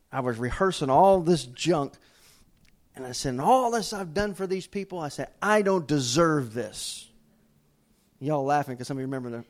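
Middle-aged man, pastor, folksy self-mocking preacher, a touch high-pitched. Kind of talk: sermon.

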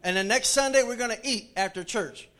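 A pastor preaches from the pulpit with a high, ringing voice. He jokes with his congregation one moment and drops to a near-hush the next, coaxing them along like a revival preacher. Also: fairly quick. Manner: lively Southern preacher, jokes with the congregation, swings from loud to hushed. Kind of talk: sermon. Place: church sanctuary.

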